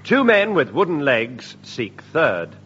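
A man's voice: on the high side, big pitch swings, takes it slowly, dull audio, background noise. A man performing radio sketch comedy, often in an indignant comic tone.

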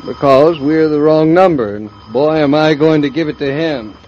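An actor voicing a wry, low-key young husband in an old radio drama. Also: male voice, moderate pace, a little mellow, close to an everyday voice. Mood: dry. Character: young husband David, dry and patient. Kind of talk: 1940s radio acting. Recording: muffled old radio transcription.

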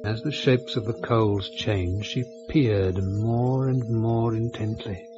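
A man narrating a radio drama in a measured, descriptive storytelling voice. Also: fairly low pitch. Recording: muffled lo-fi recording with music.

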